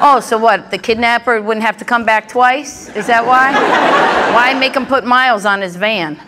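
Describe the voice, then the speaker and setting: A woman's voice: a little high, measured pace. Brash middle-aged woman doing stand-up. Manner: brash, storytelling, punchy asides. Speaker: stand-up comedian. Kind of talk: stand-up comedy set. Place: comedy stage before a crowd. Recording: live club with loud audience. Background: audience laughter and crowd noise.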